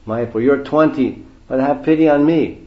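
A man's voice: medium pitch, normal speed, pitched above the performer's own voice, lightly acted. A man voicing an old male devotee who complains about his aching bones and pleads to be spared from dancing, in a roomy, dull recording. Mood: pleading. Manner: pleading, self-mocking complaints.

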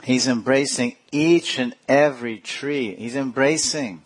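A man's voice: medium pitch, measured pace. A middle-aged man giving a devotional lecture, reciting Sanskrit verses and explaining them with a laugh now and then. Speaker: spiritual teacher.

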